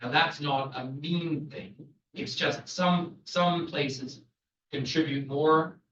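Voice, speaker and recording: A Canadian travel lecturer gives a lively classroom talk, chatting, joking and quizzing his audience. His voice is fairly high and steady with a fairly bright tone, and he speaks slowly. The recording is echoey, muffled and distant, made in a reverberant room.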